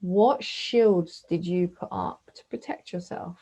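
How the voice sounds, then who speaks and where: A woman guides her listeners through a reflective coaching session. Her voice is soft and searching, with long pauses and breathy sighs. She keeps turning questions back to the listener with a gentle 'hmm?'. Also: on the low side, poor audio. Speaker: spiritual coach. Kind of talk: guided self-reflection talk.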